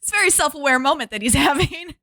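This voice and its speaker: High-voiced woman, chatty and laughing. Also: lively intonation, quick pace, bright, forceful tone, no room sound. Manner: laughs often, rambling with many restarts. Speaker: podcast co-host. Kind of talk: casual chat.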